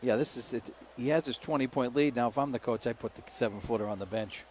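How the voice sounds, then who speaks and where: A man giving folksy color commentary on a local high school basketball game, rambling and repeating words, with faint noise behind him. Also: quick pace.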